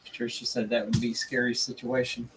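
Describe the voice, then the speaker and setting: Relaxed man reading viewer comments. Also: medium pitch, brisk, distant mic, slight background noise, poor audio. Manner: relaxed, reads comments aloud. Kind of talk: casual chat.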